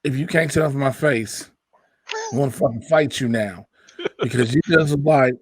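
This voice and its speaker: A man's voice: mid-range voice, normal speed, slightly rough, dry recording. Profane laughing Chicago man, dry sound. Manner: profane, laughing, animated storytelling. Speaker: podcast host. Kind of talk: casual chat.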